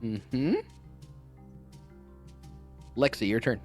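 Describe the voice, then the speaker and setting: A man running a tabletop game as game master, narrating in a relaxed way with many fillers. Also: medium pitch, drawn-out words, soft background music. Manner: relaxed, with fillers and short acknowledgements.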